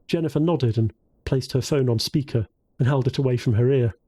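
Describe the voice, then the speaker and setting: A man reading a novel aloud as its narrator, in calm, measured scripted narration. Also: mid-range voice, breathy edge, no room sound. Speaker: audiobook narrator.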